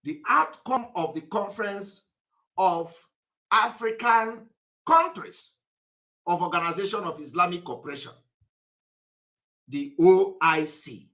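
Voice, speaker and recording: Animated, bright-voiced broadcast host. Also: male voice, high-pitched, measured pace, pauses often. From Nigeria. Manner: emphatic, repeats lines, scolds listeners. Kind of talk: live broadcast talk to viewers.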